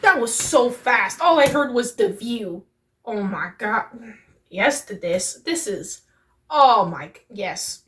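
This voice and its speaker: A young woman hosting a reaction video, gushing in excitable, slangy exclamations as she reacts. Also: on the high side, slow pace, a little hiss or hum. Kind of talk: excited casual reaction commentary. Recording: distant mic with music playing behind.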